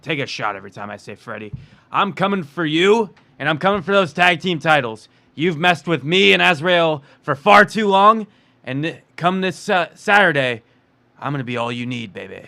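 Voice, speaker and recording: A man with a bright, forceful voice cuts a brash wrestling promo. He trash-talks his rivals and boasts about taking their titles. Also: on the high side, animated, moderate pace, creaky.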